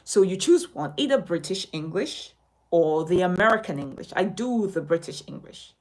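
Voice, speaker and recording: A woman's voice: on the low side, expressive, normal speed, poor audio. A woman from Nigeria teaching a speaking lesson as a communication coach, emphatic and instructive, repeating her key points.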